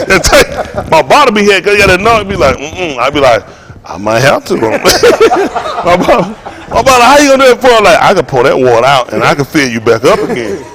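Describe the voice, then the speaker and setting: A man preaching to a congregation in a joking, storytelling way, laughing and shouting often. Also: medium pitch. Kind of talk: comic sermon talk to a congregation.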